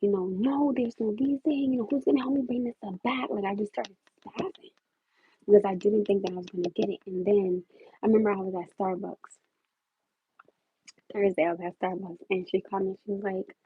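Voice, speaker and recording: A young woman with a husky voice, chatty and heartfelt, telling personal stories on a casual livestream, laughing loudly at times. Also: medium pitch, steady tone, a little fast. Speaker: livestream host. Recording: thin phone-like audio.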